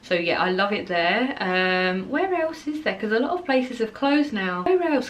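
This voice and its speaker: A young woman with an Essex accent, chatting quickly through a casual Q&A vlog, full of "um" and "like". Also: mid-range voice, lively intonation, a bit bright. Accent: Essex English. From Essex, England. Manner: fast, chatty, lots of "um" and "like". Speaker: equestrian vlogger.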